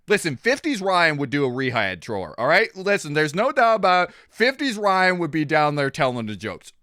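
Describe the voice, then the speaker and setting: A man streaming and chatting casually with his audience, rambling and animated, coughing now and then. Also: a little high, normal speed, few pauses, no echo, studio quality.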